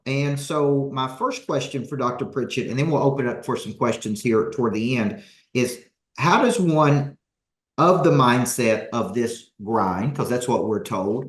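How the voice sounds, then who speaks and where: A man's voice: medium pitch, roomy sound. A man hosting a live coaching session, talking energetically and rallying his audience with questions. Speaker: business coach, host.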